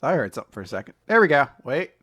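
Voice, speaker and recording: A man co-hosting a casual manga podcast, animated and quick to laugh. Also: medium pitch, husky. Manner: animated, laughs often, bursts into mock British voices. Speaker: podcast co-host. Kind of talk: casual chat.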